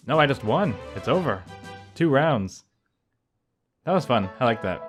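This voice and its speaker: A man of ordinary pitch narrates his own gameplay in a loose, chatty way, wandering into asides as he thinks out loud. His voice sits over a desktop mic recording, with faint game music playing underneath. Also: very animated, measured pace, long pauses. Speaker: gameplay YouTuber. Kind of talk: casual let's-play commentary.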